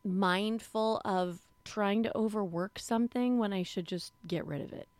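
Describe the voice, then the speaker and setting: A woman's voice: medium pitch, a little slow, a little mellow, no room sound. A woman co-hosting a film podcast, talking casually and rambling with plenty of fillers. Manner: chatty, rambling, lots of fillers. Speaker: podcast co-host.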